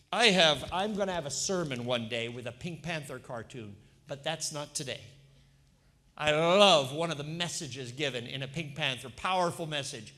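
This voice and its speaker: A man in his fifties, a pastor, preaching a sermon in a lively, conversational way and putting questions to the congregation. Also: a little high. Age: 50s.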